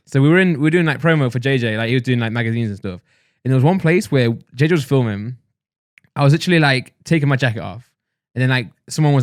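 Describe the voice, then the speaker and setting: A young man chats fast on a podcast. He tells stories as animated mock rants, and his voice sits right on a dry, close mic. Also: mid-range voice, no echo. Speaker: podcast co-host. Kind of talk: casual chat.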